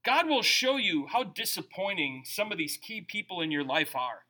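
A middle-aged man preaching a sermon as a pastor, conversational and animated, his volume rising and dropping. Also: high-pitched, moderate pace.

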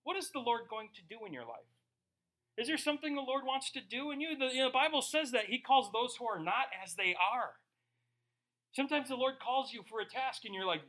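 Bright, high-voiced man preaching. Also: animated. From Germany. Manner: reads scripture slowly, then talks casually with asides. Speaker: pastor. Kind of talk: sermon.

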